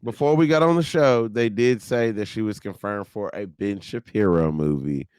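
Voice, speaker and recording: A man's voice: on the low side, moderate pace, darkish tone, smooth, dry recording. A man on a casual podcast, laying out his argument step by step. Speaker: podcast co-host.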